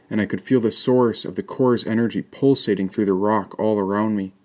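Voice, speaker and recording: A man narrating a first-person fantasy story in a measured, descriptive way. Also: lowish voice, darkish tone.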